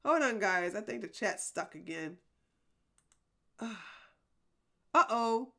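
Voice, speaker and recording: A woman's voice: mid-range voice, expressive, very slow, sharp tone. A woman hosting a live stream, chatting casually with her viewers, rambling and apologetic, laughing often. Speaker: livestream host.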